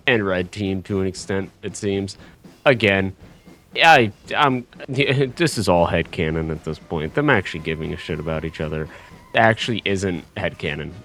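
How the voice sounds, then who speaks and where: Low-voiced brash gaming YouTuber man. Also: fairly bright tone. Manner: brash and profane, with joking asides and self-corrections. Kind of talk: casual tier-list commentary read from a script.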